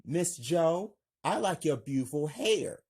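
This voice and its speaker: A man reading the lines of a teenage boy who is blunt and cold toward his mother, in a flat, plain voice. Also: on the high side, slow, breathy edge, pitched above the performer's own voice, exaggerated voice. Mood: polite.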